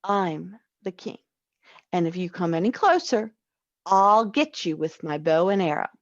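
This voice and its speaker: A woman's voice: on the low side, animated, measured pace, no echo, dull audio. A woman voicing an imaginative little boy in a children's story read aloud. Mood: playful.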